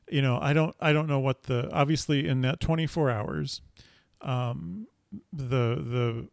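Rambling man with a gravelly voice. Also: medium pitch, darkish tone, no room sound. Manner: rambling, full of fillers and restarts. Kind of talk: casual storytelling monologue.

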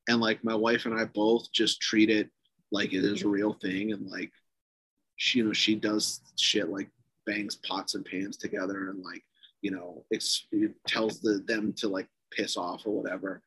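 A man's voice: fairly low pitch, a little slow, slightly rough, no echo. A man, a podcast guest, casually tells a long ghost story with lots of swearing and fillers. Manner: profane, animated, lots of fillers.

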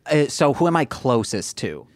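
Halting male tabletop player. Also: medium pitch, sing-song, no room sound. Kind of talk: casual tabletop game chat.

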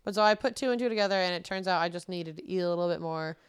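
A woman's voice: on the low side, rapid-fire, smooth, no room sound, clean studio sound. A woman in her twenties co-hosting a podcast, chatting casually and rambling through stories with lots of fillers. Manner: rambling, filler-heavy storytelling. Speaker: podcast co-host. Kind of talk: casual chat.

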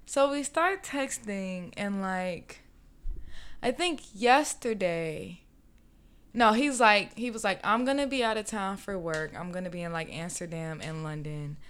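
A woman's voice: mid-range voice, measured pace, fairly bright tone, clear, resonant tone. A young woman telling a dating story in casual chat, talkative and full of fillers. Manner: chatty, storytelling, frequent "like" fillers.

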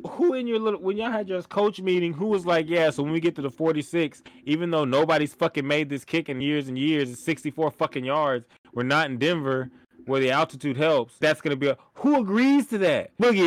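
This is a man in a heated sports talk session, his voice sitting a little high and close to the mic with no room around it. He rants with animated outrage and swears freely. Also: no room sound. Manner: animated, profane, ranting. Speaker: podcast co-host.

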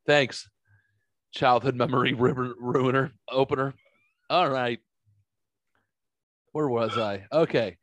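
A man's voice: mid-range voice, fairly even intonation, slow pace, pauses often, fairly bright tone, no echo. A man hosting a podcast, chatting casually and profanely, mocking himself and rambling through stories. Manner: self-mocking, rambling storyteller. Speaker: podcast host.

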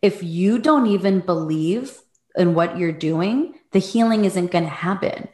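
A woman with a somewhat low voice hosts a conversational interview and reflects back on what her guest has shared. She speaks in a measured way, and her voice carries a roomy echo. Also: a little mellow. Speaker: podcast host.

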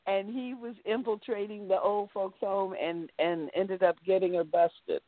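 A woman, an actress guest in an interview, telling animated stories and acting out what people said. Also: medium pitch, slow pace, no echo. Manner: animated storyteller acting out quotes. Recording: dry, tinny phone-like line.

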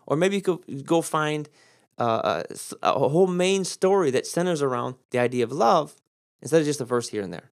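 A man teaching the Bible on his podcast in a casual, conversational way, jumping up in pitch to stress points. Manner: conversational, animated pitch jumps for emphasis.

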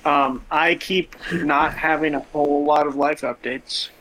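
A man from northern Montana, co-hosting a casual podcast, talks in a bright, sharp voice that sits a little high for a man. He rambles in a playful way with plenty of fillers. A faint hiss runs under the recording. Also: steady tone, unhurried, rough recording. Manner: joking, playful, chatty with fillers. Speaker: podcast co-host. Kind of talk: casual chat.

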